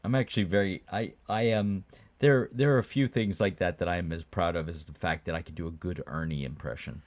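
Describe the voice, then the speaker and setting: A man's voice: deep voice, fairly quick, no echo. A man in casual chat, making wry, joking asides.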